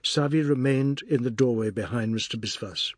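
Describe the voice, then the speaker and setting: Husky-voiced male audiobook narrator. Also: medium pitch, no room sound, clean studio sound. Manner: measured, even storytelling. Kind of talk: scripted literary narration.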